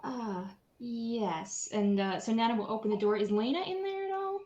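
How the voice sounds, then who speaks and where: A woman's voice: fairly high pitch, normal speed, a little mellow, dull audio. A woman playing in a tabletop game, speaking hesitantly with many fillers. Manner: hesitant, lots of ums and restarts. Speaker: player. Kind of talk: casual tabletop play. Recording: echoey room with faint noise.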